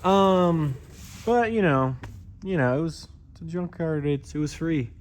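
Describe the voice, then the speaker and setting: A man's voice: fairly high pitch, a little slow, a little hiss or hum. A man showing his car project in a garage, rambling and joking as he talks to viewers. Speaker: car builder vlogger. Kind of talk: casual garage walkthrough.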